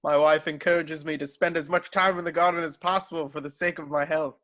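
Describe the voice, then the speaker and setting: A man's voice: on the high side, steady tone, fairly quick, fairly bright tone, close to an everyday voice. A man reading the part of a pompous, fawning clergyman in an amateur script reading. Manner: pompous, fussy.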